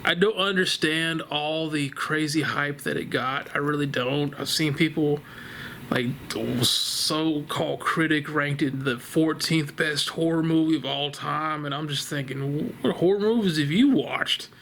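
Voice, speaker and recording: Reviewing a horror movie from the couch at home, a man talks unhurriedly in a slightly high, pushed, bright voice with vocal fry and fairly even intonation. He's casual, rambling, laughing, blunt and profane, with slight background noise in the recording.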